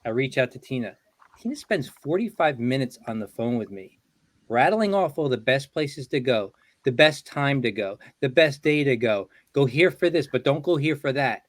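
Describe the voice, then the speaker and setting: A middle-aged man telling a relaxed, chatty anecdote on a video call, full of "you know". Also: medium pitch, moderate pace, no room sound. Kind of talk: casual storytelling.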